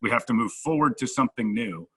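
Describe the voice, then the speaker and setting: Bright, husky-voiced man telling stories. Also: medium pitch, quick pace. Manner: animated anecdote-telling, acts out quoted lines. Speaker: radio host and podcast co-host. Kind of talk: casual comedic storytelling.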